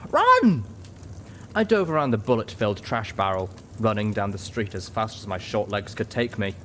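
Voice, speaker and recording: A man narrating a story in first person with a steady, dramatic reading. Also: lowish voice, brisk, slight background noise. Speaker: audiobook reader.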